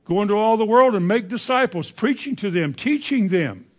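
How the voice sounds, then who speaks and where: A man's voice: high voice, animated, normal speed. A man preaching a sermon, driving his points home with rhetorical questions to the congregation.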